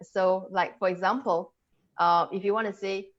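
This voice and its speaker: A Singaporean woman coaches English pronunciation over a video call, animated and quick to laugh as she drills each vowel aloud. Her voice sits at a middling pitch. The call audio is dull and lo-fi. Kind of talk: webinar teaching, demonstrating sounds.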